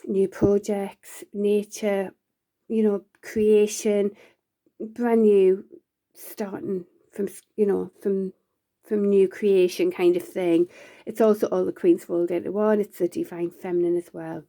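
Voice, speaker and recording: A woman's voice: mid-range voice, flat delivery, takes it slowly, dark tone. A woman giving a casual, rambling tarot reading, full of fillers and restarts. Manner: laughs often between lines. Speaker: tarot reader.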